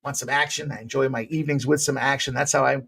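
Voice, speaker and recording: A man hosting a sports betting picks show, talking casually in a loose, jokey way with bursts of loud excitement. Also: medium pitch, quick pace, vocal fry.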